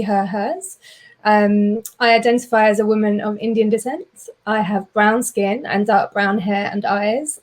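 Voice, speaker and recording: A woman introduces her research on a panel over a video call from her home study. She speaks in a measured way, pausing now and then. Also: mid-range voice, a little mellow. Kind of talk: self-introduction.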